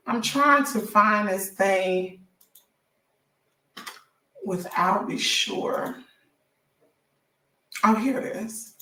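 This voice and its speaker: A hoarse woman hosting a casual gossip livestream, chatting straight to her viewers. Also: medium pitch, expressive, very slow, pauses often, sharp tone, echoey room, distant mic, a little hiss or hum. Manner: chatty, addresses viewers directly as y'all. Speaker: celebrity gossip livestream host.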